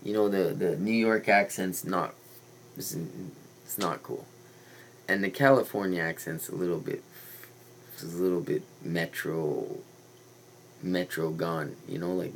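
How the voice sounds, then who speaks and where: A man with a deep, gravelly voice rambles through a casual livestream monologue, drifting from point to point in a conspiratorial tone. His voice is low and rough, and a faint hiss of noise sits under the home recording. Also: steady tone, measured pace, rough recording. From Canada. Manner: meandering, conspiratorial, casual slang. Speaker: livestream host.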